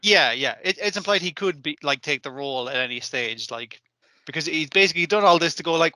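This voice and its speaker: A man hosts a podcast in loose, sweary chat. His voice is bright and forceful, pitched a little high. The sound is dry and close, and he keeps breaking into character lines. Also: lively intonation, brisk, dry recording. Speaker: podcast host. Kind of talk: casual chat.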